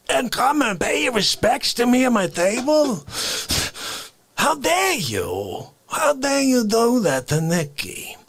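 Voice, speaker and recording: A man voicing a loud, indignant middle-aged New York mobster who demands respect, in a put-on New York accent. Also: very high voice, vocal fry, voice pushed up, heavily acted. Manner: outraged, escalating shouts. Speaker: comedian.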